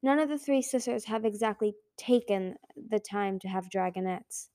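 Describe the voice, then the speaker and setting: Woman voicing a studious young male dragon, matter-of-fact, mellow read. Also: medium pitch, moderate pace, lightly acted.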